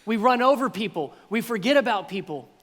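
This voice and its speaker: A man preaching a sermon as pastor, animated and playful, now and then acting out what people might say. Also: sits high, brisk, in a large hall. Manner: animated, acts out voices of congregants with playful exaggeration. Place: church sanctuary.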